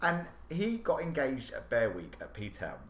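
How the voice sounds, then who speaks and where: A young man co-hosting a podcast, telling gossipy stories in casual chat, animated and swearing freely. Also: mid-range voice, a little slow. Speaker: podcast co-host. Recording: echoey room with faint hiss.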